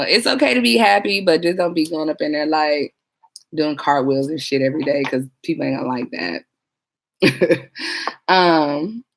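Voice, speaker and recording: A woman who worked as a police dispatcher, chatting casually to viewers about trainees and acting out coworkers. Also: sits low. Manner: chatty, laughing, mimics people. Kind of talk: casual livestream chat.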